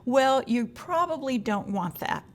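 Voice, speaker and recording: A woman's voice: high-pitched, animated, a little slow. A woman leading a teacher-training session, giving practical advice in a conversational way, with frequent fillers and acted-out questions from teachers.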